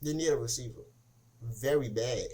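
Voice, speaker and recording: A man hosting a casual sports podcast who tells stories with lots of "he's like" and acts out the quotes. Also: moderate pace. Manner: animated storyteller, acts out quotes with rising pitch. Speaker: podcast host.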